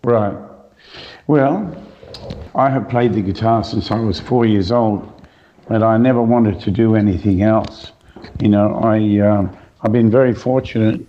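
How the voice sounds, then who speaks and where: A middle-aged Australian guitarist, slightly hoarse, chatting in a relaxed, rambling way with many fillers. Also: male voice, lowish voice, measured pace, lo-fi sound, a little hiss or hum. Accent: mild Australian. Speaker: guitarist guest. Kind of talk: casual interview chat, remote.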